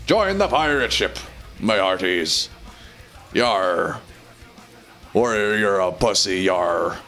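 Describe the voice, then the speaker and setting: A man's voice: on the low side, animated, slow pace, sharp tone, soft background music, exaggerated voice. A streamer voicing a blustering male pirate captain who keeps growling yar. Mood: gruff. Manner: gruff, tacks yar onto lines.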